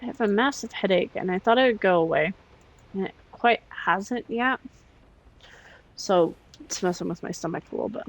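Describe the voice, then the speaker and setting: A woman's voice: medium pitch, normal speed, pauses often, rough recording. A woman streamer giving casual commentary on a game, talking around a mint in her mouth.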